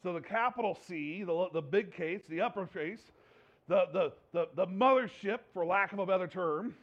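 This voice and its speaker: On a muffled recording, a high-voiced man preaches at a moderate pace. He's a pastor who animates his sermon by posing rhetorical questions to the congregation and performing what people say in their own voices.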